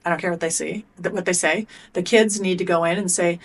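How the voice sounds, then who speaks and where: Her lowish voice moving fairly quickly, a middle-aged performance coach tells blunt podcast-interview stories with casual swearing. She plays both roles in the coach and athlete conversations she describes.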